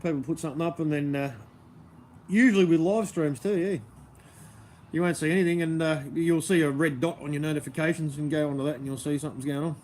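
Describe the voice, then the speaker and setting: A man's voice: fairly high pitch, fairly even intonation, fast, darkish tone, slight background noise. An Australian man chatting casually on a livestream, laid-back and chatty, often laughing as he answers viewers.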